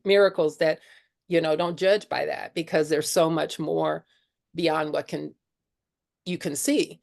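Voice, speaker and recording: A middle-aged woman leading a spiritual discussion group, sharing her own story in an earnest, conversational way with many "you know"s. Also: lowish voice. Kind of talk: candid personal sharing talk.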